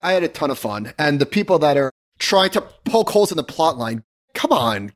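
Man, podcast co-host, casual chat, teasing, slightly higher voice. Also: fairly quick. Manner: playful, teasing, animated storyteller.

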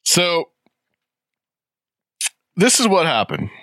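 A man's voice: fairly high pitch, wildly swooping pitch, extremely slow, creaky, a bit bright, no room sound, clean studio sound. A man co-hosting a casual podcast, joking, drifting into tangents and laughing often. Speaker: podcast co-host. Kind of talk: casual chat.

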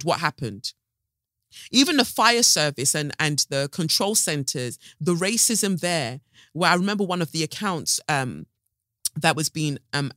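A woman speaks in an impassioned podcast monologue, swearing and hammering her points home through repetition before slowing into reflective, thinking-aloud stretches. Her voice is bright and forceful, recorded dry and close with no room sound. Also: sits low, dry recording. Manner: angry, swearing, emphatic repetition. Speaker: podcast host.

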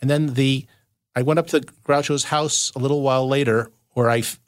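The recording is dry with clean studio sound, carrying a clear, resonant, medium-pitched voice with fairly even intonation at normal speed. He is a man from Southern California who, as a podcast guest, rambles through long showbiz anecdotes, often restarting sentences mid-thought.

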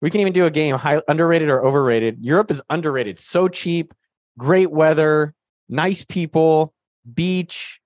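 A man's voice: on the high side, normal speed, no room sound, studio quality. A man hosting a podcast, answering listener questions in a casual, jokey, slangy way. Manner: jokey and slangy, full of banter. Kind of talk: casual, hyped Q&A talk.

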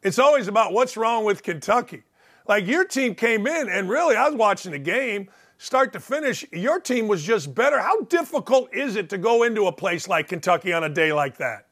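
A man's voice: high voice, sing-song, normal speed, a bit bright, slightly rough. A man from Indiana hosting a sports talk show, telling stories with energy and emphasis.

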